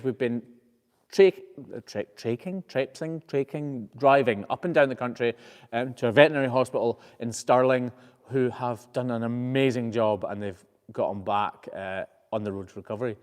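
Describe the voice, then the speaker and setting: A man's voice: mid-range voice, steady tone, brisk, a little mellow, long reverb tail. A man hosting a casual live Q&A as a professional hoof trimmer, reading viewer questions aloud and answering in a chatty, easygoing way with frequent "uh"s and restarts.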